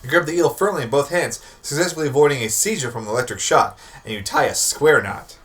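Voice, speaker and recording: A man's voice: medium pitch, fast talker, music in the background. Young man reading game text aloud. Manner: playful, reads with dry asides. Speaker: host, game narrator.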